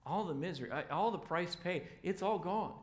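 Loud, energetic male pastor. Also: high voice, brisk. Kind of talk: sermon. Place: church.

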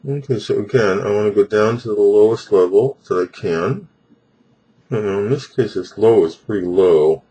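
A man talking himself through a home dental self-treatment on camera, halting and thinking aloud with many restarts. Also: lowish voice, mellow, rough recording.

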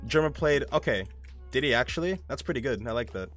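A man's voice: mid-range voice, animated, fast, fairly bright tone, soft background music. A young man streaming a game live, rambling casually, reading chat aloud and swearing often.

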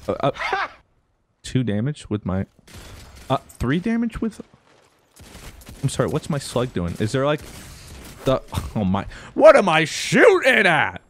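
Excitable young man with a lively voice. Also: mid-range voice. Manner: excitable, jokey, with sudden loud outbursts. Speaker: gaming YouTuber. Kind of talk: gameplay commentary.

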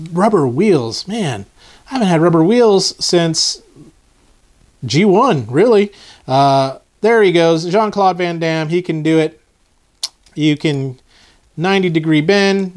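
A man talks through a toy review in an easygoing, rambling way. He drifts off topic often and chats as he handles the figure. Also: fairly high pitch. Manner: rambling, easily sidetracked, chatty. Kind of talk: casual unboxing review.

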